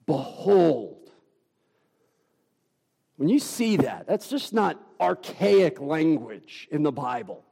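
A man preaching a sermon as pastor, emphatic and deliberate, with dramatic pauses. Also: a little high, big pitch swings, gravelly, dark tone, slightly rough, in a large hall.

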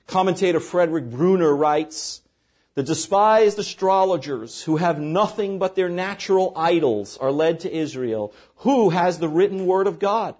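A man's voice: sits high, animated, moderate pace, a little mellow. A man preaching a sermon as pastor, reading scripture aloud and breaking in with short asides to the congregation.

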